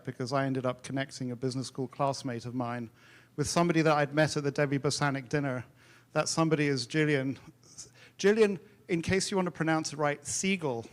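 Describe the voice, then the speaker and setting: A man hosting an event, introducing the next speaker in a friendly, conversational way. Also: on the high side.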